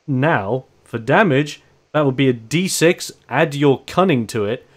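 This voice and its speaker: Lively male game master narrating wrestling. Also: medium pitch. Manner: lively, laughing, ring-announcer flair.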